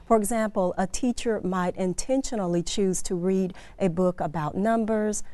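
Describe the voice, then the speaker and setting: A woman's voice: medium pitch, moderate pace, mellow, no echo. A woman pre-K director answering questions in a confident, affirming way.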